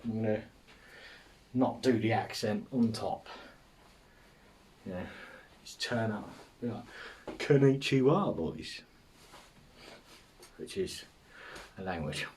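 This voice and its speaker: English male podcast host, mid-pitched, loose and self-mocking, swears freely, recorded slightly off-mic. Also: darkish tone, distant mic, a little hiss or hum. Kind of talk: casual comic monologue.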